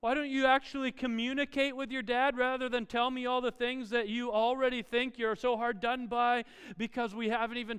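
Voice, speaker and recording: A male pastor with a high, very clear voice delivers a sermon full of animated, self-deprecating family stories. His words ring out with a long reverb through a church hall.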